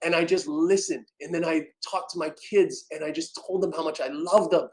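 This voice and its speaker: A man's voice: a little high, moderate pace, poor audio. Podcast guest, male, emotional storyteller, dramatic delivery with big swings in volume. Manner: animated, dramatic, swings loud and soft.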